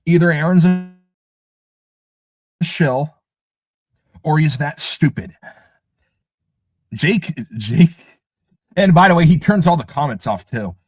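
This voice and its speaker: Dude hosting a live stream, keeps repeating himself, kinda scoffing, dry close sound. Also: male voice, fairly high pitch, animated, takes it slowly, long pauses, a little mellow, dry recording. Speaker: livestream host. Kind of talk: casual live-stream commentary.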